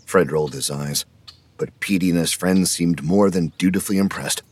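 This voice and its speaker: A man narrating an audiobook in a measured, wry storytelling manner. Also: deep voice, dry recording. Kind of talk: scripted narration.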